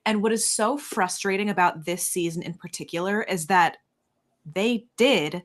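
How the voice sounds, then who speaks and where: A woman's voice: mid-range voice, moderate pace, a bit bright. A woman co-hosting a reality TV podcast, laying out her points in emphatic, clipped lists with a casual, chatty delivery. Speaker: podcast co-host. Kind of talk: casual chat.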